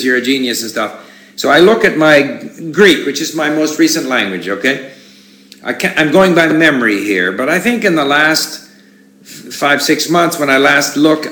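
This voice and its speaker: A man speaks at a middle pitch in an easygoing, rambling manner, often restarting his sentences and filling pauses. His voice carries a noticeable echo from the room around him. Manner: relaxed, rambling, with many restarts and fillers. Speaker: conference speaker answering questions. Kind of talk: casual spoken talk with audience questions.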